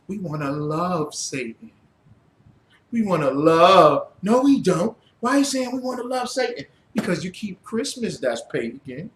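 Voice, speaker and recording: A man preaching a fiery sermon as a religious teacher, blunt and profane, rising to shouts. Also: high-pitched, a little hiss or hum. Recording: roomy echo.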